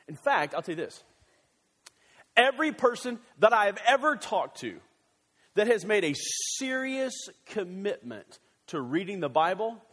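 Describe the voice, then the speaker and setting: A male pastor preaching a sermon in a church, animated and joking, with quick excited bursts. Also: high-pitched, slightly rough, in a large hall.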